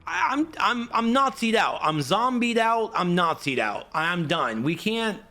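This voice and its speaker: A man co-hosting a casual gaming talk show, jokey and animated, laughing a lot. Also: sits high, a little slow. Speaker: podcast co-host.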